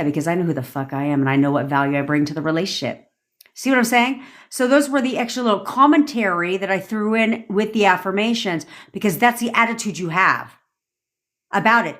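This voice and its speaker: A woman's voice: medium pitch, fairly bright tone. A young woman coaching on manifestation in a livestream rant, blunt and profane, acting out pleading and smug inner voices.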